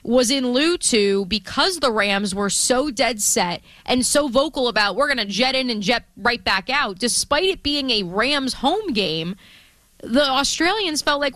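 A woman's voice: a little high, expressive, unhurried, fairly bright tone, no room sound. A woman co-hosting a sports radio show, chatting casually and playfully, often trailing off and restarting her sentences.

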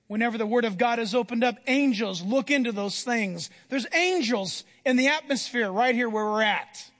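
A high-pitched man preaches a sermon, telling Bible stories with animated delivery and acting out the characters' voices. A long hall reverb fills the recording.

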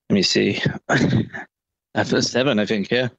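A man's voice: fairly low pitch, steady tone, slow, gravelly, no room sound, low-quality recording. A man answering interview questions about touring, talking casually with many fillers and restarts. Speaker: touring musician, interview guest.

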